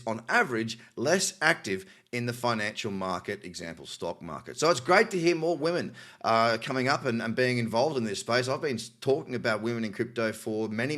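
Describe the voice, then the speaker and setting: Australian male host, mid-pitched, casual and cynical, chats between headlines. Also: a bit bright. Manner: cynical, chatty asides while reading articles. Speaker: crypto news host. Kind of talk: casual news commentary.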